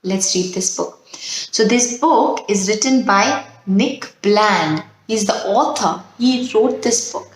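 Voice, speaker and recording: Woman teacher reading a storybook to small kids, unhurried and coaxing, with a strong room echo. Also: medium pitch, expressive, slight background noise. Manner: slow, gentle, coaxing, asks children questions. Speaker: children's teacher. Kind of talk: storytime and calming exercise for young children. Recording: very echoey room.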